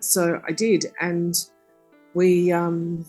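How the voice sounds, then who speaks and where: A low-pitched Australian woman in her fifties, a singer-songwriter talking as a guest. She tells her stories in an animated way and slips into the voices of the people she quotes. Faint music sits underneath. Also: moderate pace. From southwest Western Australia. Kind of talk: conversational storytelling.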